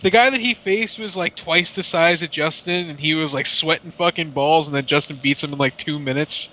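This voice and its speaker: A man co-hosting a casual gaming podcast, telling stories in an animated, profane way. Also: fairly high pitch, fairly quick, slight background noise. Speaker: podcast co-host.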